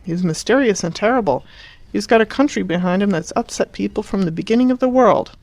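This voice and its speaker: A woman's voice: medium pitch, lively intonation, brisk, darkish tone, no echo, voice pushed up. A woman voicing a petulant young Englishman. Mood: vehement. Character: exasperated young Englishman, cynical and sulky.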